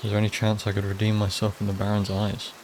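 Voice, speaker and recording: A man's voice: on the low side, monotone, quick pace, background noise, lightly acted. A man reading the lines of a polite young male scholar in a game, in a plain, polite way.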